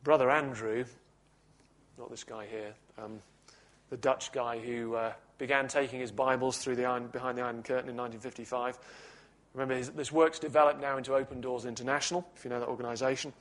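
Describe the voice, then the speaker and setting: A man preaching a sermon in a measured, reflective teaching manner with touches of gentle humor. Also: mid-range voice, steady tone.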